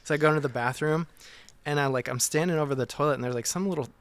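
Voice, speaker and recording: A man telling a story as a podcast guest, animated and laughing, swinging from hushed to loud. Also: on the high side, rapid-fire, dry recording. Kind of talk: casual storytelling.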